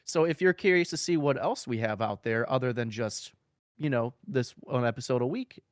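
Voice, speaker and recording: A man hosting a podcast, loose and rambling, cracking jokes and laughing through the housekeeping. His voice sits at an ordinary middle pitch. The sound is close and dry, with no room in it. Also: normal speed, no room sound. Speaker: podcast co-host. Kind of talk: casual podcast chat.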